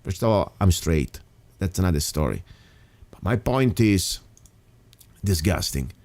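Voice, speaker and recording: Emphatic talk radio host, lowish voice. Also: male voice, big pitch swings, measured pace, a little mellow, no echo. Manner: emphatic, rambling with restarts. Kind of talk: casual talk radio monologue.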